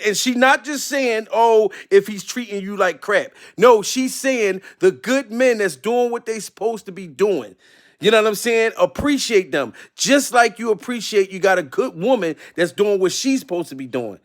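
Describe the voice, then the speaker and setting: A man giving casual, joking reaction commentary on a clip, animated and emotional. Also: high voice, normal speed.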